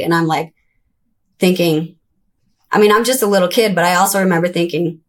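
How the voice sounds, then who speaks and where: Woman telling a candid life story. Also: a little fast. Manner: conversational, acts out childhood voices with high-pitched quotes. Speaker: interview guest.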